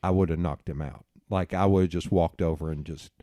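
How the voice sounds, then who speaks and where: A middle-aged man, hosting a podcast and telling animated stories with plenty of swearing and laughter at himself. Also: low voice, fairly quick, no room sound, clean studio sound. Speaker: podcast host. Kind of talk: casual storytelling chat.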